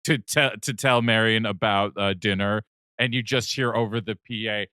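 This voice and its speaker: A man co-hosts a comedy film podcast, poking at scenes with wry, disbelieving questions. His tone is bright. The mic is close with no room sound. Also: on the low side, steady tone, normal speed, smooth, no room sound. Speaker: podcast co-host. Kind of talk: casual comedy film recap.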